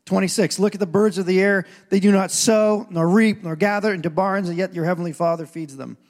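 A man's voice: high voice, fairly even intonation, a little fast. A male pastor giving a casual, joking sermon in church, acting out quoted voices. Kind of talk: conversational sermon. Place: church sanctuary. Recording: long hall reverb.

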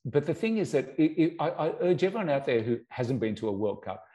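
An Australian man in middle age, telling his stories as a guest in a casual interview. His voice is warm and mellow at an ordinary pitch. He tumbles through his anecdotes with animated restarts and repeated words. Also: a little fast.

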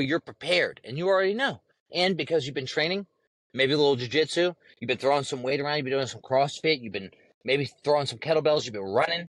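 A man's voice: mid-range voice, a bit bright, no echo. A man hosting a podcast, ranting heatedly with lots of swearing, repeating lines for emphasis. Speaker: podcast host. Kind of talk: profane opinion rant.

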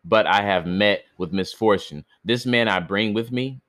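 A man's voice: fairly low pitch, normal speed, fairly bright tone, no echo, studio quality, close to an everyday voice. A man voicing a poor young boy who pleads earnestly in old-fashioned speech for his dying father. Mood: sorrowful.

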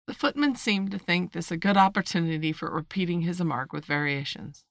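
Kobieta o niskim głosie czytająca bajkę równym, spokojnym tempem, nagrana blisko mikrofonu, bardzo sucho, bez pogłosu. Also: female voice, fairly low pitch, brisk, creaky, dry recording, clean studio sound. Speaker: narrator. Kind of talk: audiobook reading.

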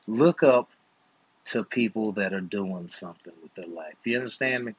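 Young uncle type, playful and slangy, husky voice, dry close sound. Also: male voice, fairly low pitch, normal speed, no echo, lo-fi sound. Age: 20s. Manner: playful, slangy, teasing advice. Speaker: uncle and channel host. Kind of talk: casual chat while gaming.

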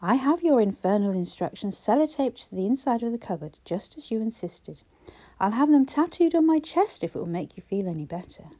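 A gruff, sardonic old man from a storybook, grumbling through dry sarcasm and softening now and then, as a woman narrator puts him on. The voice sits dark and mellow. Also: on the high side, very animated, a little fast. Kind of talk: audiobook character voice.

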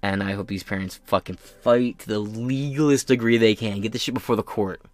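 A man's voice: fairly low pitch, brisk, no echo. A man hosting a podcast who rants brashly and sarcastically with constant swearing. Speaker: podcast host. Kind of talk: crude political rant.

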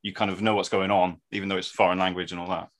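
A British man chatting casually about films with friends on a podcast, agreeable and quick to say yeah. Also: low voice, flat delivery, a bit bright. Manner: agreeable, says yeah often. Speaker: podcast co-host. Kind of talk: casual film chat.

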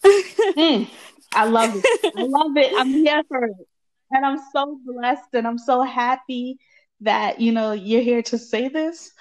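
A woman hosting a casual podcast conversation, warmly affirming and chiming in often with encouragement. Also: a little high, takes it slowly. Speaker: podcast host. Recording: dull lo-fi sound.

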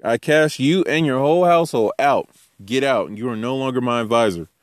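A man's voice: mid-range voice, fairly quick, no room sound, close to an everyday voice. Annoyed old-time king barking orders, as a preacher puts him on, dry close sound. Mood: dismissive. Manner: curt, dismissive commands. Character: irritated ancient king banishing his advisor.

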